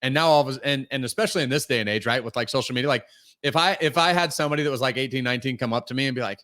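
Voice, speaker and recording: A man's voice: mid-range voice, racing, bright, forceful tone. A man talking casually as a podcast guest, telling stories full of "like" fillers. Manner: storytelling, many fillers like "like".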